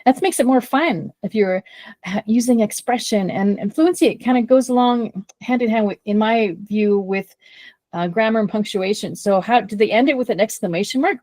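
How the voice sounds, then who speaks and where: A woman tutor co-hosting a casual chat about teaching kids to read, animated and playful with many restarts. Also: on the high side, moderate pace, no room sound. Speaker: tutor and podcast co-host.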